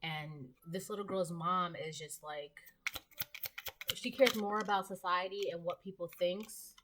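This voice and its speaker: A woman's voice: lowish voice, steady tone, measured pace, a bit bright, slight background noise. A woman giving a casual tarot reading to camera, chatty and rambling with many fillers and asides. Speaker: tarot reader.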